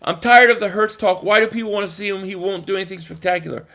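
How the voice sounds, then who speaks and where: High-voiced emphatic man. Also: fast, vocal fry. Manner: animated, emphatic, repeats himself and restarts. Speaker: live stream host. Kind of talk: casual live stream chat reading comments.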